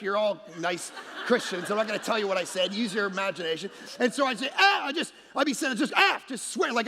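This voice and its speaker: Brief: male pastor, high gravelly voice, punchy comic delivery, big reverberant church hall. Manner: animated storytelling, shouts punchlines, mocks accents softly. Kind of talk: energetic comedic sermon. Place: large church auditorium.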